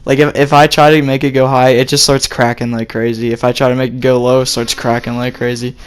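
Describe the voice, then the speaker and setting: A man's voice: medium pitch, level tone, brisk, clean tone. A young man hosting a podcast, chatting casually with lots of giggles and fillers. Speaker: podcast host.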